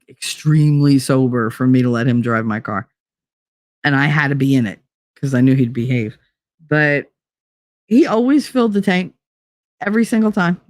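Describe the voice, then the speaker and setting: A woman in her forties telling a casual late-night story on a stream, animated and swearing freely as she acts out quoted voices. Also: low voice, dry recording, studio quality.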